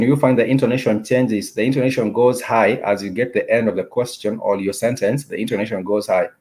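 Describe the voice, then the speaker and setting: A man teaching a casual online language lesson, who explains patiently, repeats key words slowly and often restarts with hesitant fillers. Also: fairly low pitch, a little mellow.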